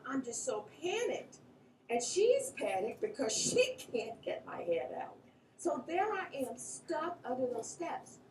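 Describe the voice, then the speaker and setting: A woman telling a funny story from her childhood in a lively, animated way, her voice jumping up at the exciting parts. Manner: animated storytelling, pitch jumps at exciting moments. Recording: roomy echo, slightly distant mic, faint background hiss.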